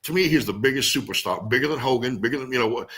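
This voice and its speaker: A man's voice: mid-range voice, rapid-fire. A man, a former pro wrestler, telling stories as an interview guest in a rambling, casual way with lots of fillers. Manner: animated, rambling storyteller with many fillers.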